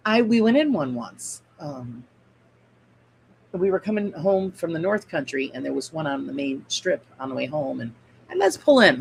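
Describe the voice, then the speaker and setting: Gravelly-voiced chatty craft host woman. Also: lowish voice, a little hiss or hum, rough recording. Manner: chatty, rambling, reads out and answers viewer comments. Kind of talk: casual craft livestream chat.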